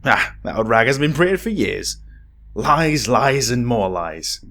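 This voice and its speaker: Man doing a suspicious gruff tavern local. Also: mid-range voice, sing-song, takes it slowly, a bit bright, heavily acted.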